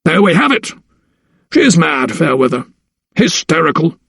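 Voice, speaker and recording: A man's voice: on the high side, very animated, normal speed, creaky, fairly bright tone, breathy edge, no echo, studio quality, pitched above the performer's own voice, heavily acted. A man voicing a cold, domineering older lawyer who talks down to others with haughty condescension.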